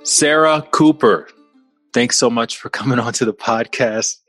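A man's voice: mid-range voice, measured pace, a bit bright, faint music behind. A man hosting a podcast, introducing his guest and then interviewing her in a friendly, teasing way. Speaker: podcast host.

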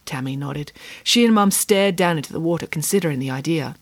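A woman narrating a children's storybook in a lively, animated reading. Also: deep voice, a little fast, no echo.

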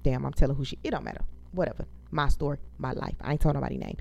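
A woman's voice: very deep voice, steady tone, rapid-fire, gravelly, dark tone. A woman, venting to viewers as host of her own casual talk show, emphatic and profane. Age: 30s. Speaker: podcast host. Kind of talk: casual storytelling rant.

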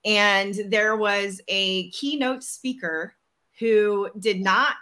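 A woman telling a personal story in a casual podcast chat, animated and acting out the lines of the people in it. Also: medium pitch, very slow. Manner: animated, acts out quoted dialogue. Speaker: podcast host.

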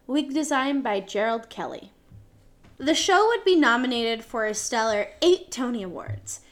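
A woman's voice: on the high side, fairly bright tone. A woman co-hosting a podcast, reading out a show synopsis from a script with small slips and self-corrections. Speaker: podcast co-host.

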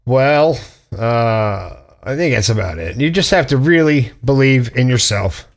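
A middle-aged man sits and talks to himself for a video, giving loose motivational advice. He rambles, repeats his points and chuckles at his own remarks, with blunt, plain words and a voice of middling pitch. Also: expressive, measured pace. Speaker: vlogger. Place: sitting indoors alone.

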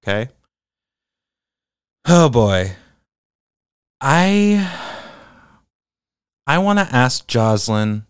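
A man hosting a commentary podcast, talking in an animated, incredulous way. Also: medium pitch, very slow, long pauses, clear, resonant tone, no echo, clean studio sound. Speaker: podcast host.

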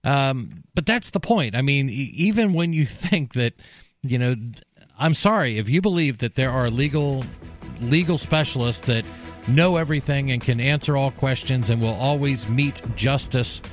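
A man's voice: medium pitch, lively intonation, moderate pace, soft background music. A man hosting a talk radio show, giving emphatic, opinionated commentary.

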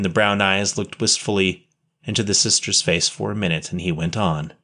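A man reading an old story aloud in a measured, earnest way. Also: deep voice, fairly even intonation, pushed and bright. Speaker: narrator.

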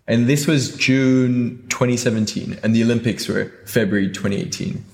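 A young man from Hong Kong, a guest on an interview, recounting his story in a casual, animated way full of "like" and "you know". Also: medium pitch, moderate pace, creaky, few pauses. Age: young adult. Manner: animated, filler-heavy, lots of "like" and "you know". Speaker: guest, Olympic skier.

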